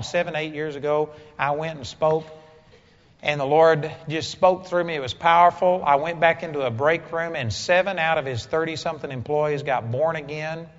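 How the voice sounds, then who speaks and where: A man preaching a sermon with a blunt, emphatic delivery that builds to loud exclamations, in a dull, echoey hall recording. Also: on the high side, a little fast.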